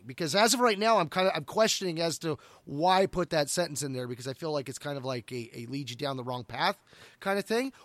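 A middle-aged man co-hosts a podcast, casually discussing books and frequently restarting his sentences. His voice is fairly high-pitched with a fairly bright tone, and there's no echo.

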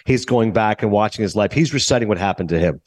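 In a casual movie review chat, a man hosting a podcast talks at a quick pace in a lowish voice. He's animated and performs the characters' lines himself, with no echo on the recording.

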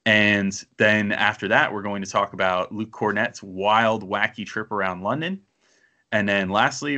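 A man's voice: lowish voice, pushed and bright. A man hosting a casual sports podcast, rambling and self-deprecating as he thinks aloud. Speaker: podcast host.

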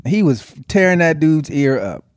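A man co-hosts a podcast in a loose, casual way. He is blunt and laughs often. His pitch is slightly high and very lively. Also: normal speed, no echo, clean studio sound. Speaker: podcast co-host. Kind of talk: casual chat.

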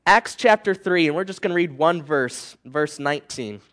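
A tired young man preaching to a youth group, telling a personal story with animated swings between loud and hushed. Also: on the high side, moderate pace.

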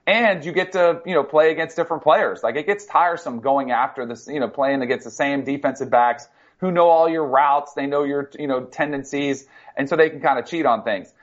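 A former football player co-hosting a casual sports talk show, telling stories with lots of fillers. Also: male voice, on the high side, a little fast, dull audio. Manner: animated storyteller, many fillers.

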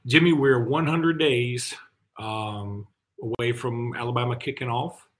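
A man co-hosting a sports talk show, chatting casually and telling stories in an animated, self-deprecating way. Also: medium pitch, a little slow. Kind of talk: casual sports radio chat.

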